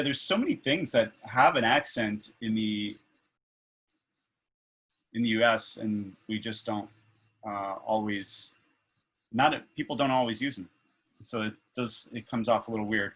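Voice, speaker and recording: A man's voice: fairly low pitch, a little slow, long pauses, a bit bright, rough recording. A man leading an online faculty workshop over a video call, thinking aloud with many fillers and restarts.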